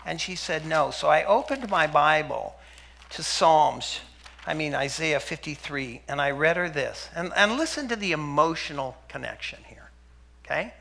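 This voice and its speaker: A middle-aged man giving a sermon-style testimony, telling stories and acting out the dialogue, dropping to a hush for quoted lines. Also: on the high side, animated, normal speed, gravelly. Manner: storytelling, acts out dialogue, drops to a hush for quotes. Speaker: preacher and health center speaker.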